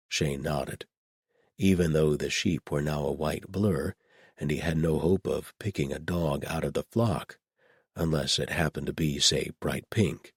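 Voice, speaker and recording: Deep, husky male audiobook narrator. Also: a little slow, no room sound, clean studio sound.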